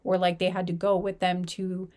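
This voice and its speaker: A woman's voice: on the low side, level tone, moderate pace, darkish tone. A woman giving a casual pick-a-card tarot reading, rambling loosely with lots of "like" and "you know" as she talks. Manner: rambling, filler-heavy talk full of "like" and "you know". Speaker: tarot reader.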